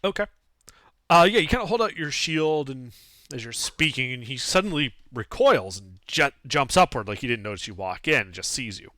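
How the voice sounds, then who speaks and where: A man running a tabletop game as game master. He narrates with an animated, swinging pitch and a bright, forceful tone. He rambles with many fillers, and the close mic gives a dry sound. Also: moderate pace, no room sound.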